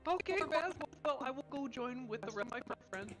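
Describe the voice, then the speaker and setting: A man putting on a high, soft voice as an overly polite, cheerful adventurer. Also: expressive, fairly quick, over music. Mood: chipper.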